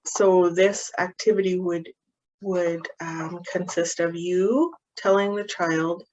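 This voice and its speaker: A woman practitioner gently and patiently walking parents through a calming activity for children, with frequent ums. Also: lowish voice, slow pace. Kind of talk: instructional walkthrough of a calming activity. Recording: dull, muffled audio.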